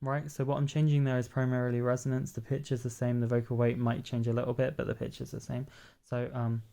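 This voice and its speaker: A woman coaching voice in a relaxed lesson, explaining as she goes and checking in with "right?", her voice a little hoarse after a long workshop, recorded lying down. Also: a bass voice, fast talker. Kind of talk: casual voice lesson.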